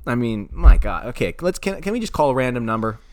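An excitable man co-hosting a casual podcast, his voice swinging up and down as he swears and laughs. He sounds close and dry, with no room around him. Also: mid-range voice, quick pace, no echo. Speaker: podcast co-host. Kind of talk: casual chat.

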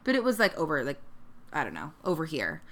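Casting: young woman, podcast co-host, bright clear tone, chatty storyteller voicing quotes. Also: sits low, huge pitch swings, brisk, a little hiss or hum. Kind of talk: casual chat. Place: Northern California.

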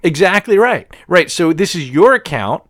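A man's voice: high voice, very animated, moderate pace, fairly bright tone, no echo, clean studio sound. A middle-aged man in casual chat, reflective and thinking aloud, often checking with "right?" and "you know".

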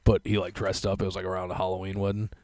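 A man's voice: sits low, completely flat delivery, very fast, a little mellow, dry recording. A man telling casual anecdotes, swearing and laughing through his stories. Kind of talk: casual storytelling.

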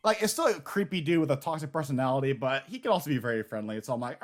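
A man casually discussing anime on a podcast, lively and laughing often. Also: mid-range voice, rapid-fire. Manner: animated, laughs often, acts out quotes.

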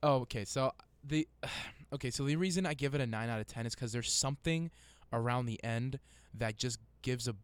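A man's voice: mid-range voice, moderate pace, clean tone, no echo. A man co-hosting a casual podcast, joking crudely and laughing often. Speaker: podcast co-host. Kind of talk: casual chat. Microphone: studio mic.

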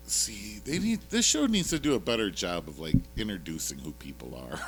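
Brief: male podcast co-host, deep and animated, rambling and joking. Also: fairly quick, husky, faint music behind. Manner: rambling, jokey, with frequent fillers and laughs. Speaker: podcast co-host recapping a TV episode. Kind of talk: casual chat.

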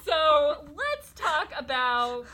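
A woman hosting a podcast in casual chat, telling stories in an animated way and laughing often. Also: sits high, drawn-out words, a little hiss or hum.

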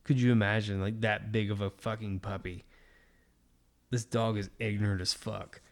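A man in his thirties, a podcast co-host, telling a story in casual chat, animated and swearing a lot. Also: on the low side, normal speed.

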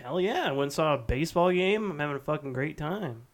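A man's voice: fairly high pitch, lively intonation, fast. A man co-hosting a comedy podcast, laughing easily and riffing along in casual chat. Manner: laughs easily, riffs on bits. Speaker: podcast co-host.

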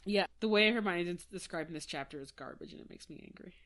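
A woman co-hosting a book podcast in loose casual chat. She rambles and searches for words, and her phrases often trail off into soft, quiet endings. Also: fairly low pitch, fast talker, a little hiss or hum. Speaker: podcast co-host.

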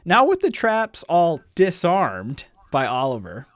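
A man's voice: fairly high pitch, slow pace, no room sound. Guy recapping a book on a podcast, voice jumps around a lot, chatty, reads bits aloud. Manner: animated storyteller, frequent "like" fillers. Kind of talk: casual chat and reading book passages aloud.

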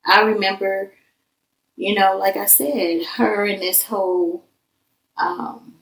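A woman's voice: medium pitch, steady tone, slow, distant mic, a little hiss or hum. A woman talking candidly and emphatically about her past in a loose, casual way. Her voice sits a little back from the microphone. The room around her is echoey. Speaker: guest. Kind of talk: candid personal conversation. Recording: echoey room, voice a bit off-mic.

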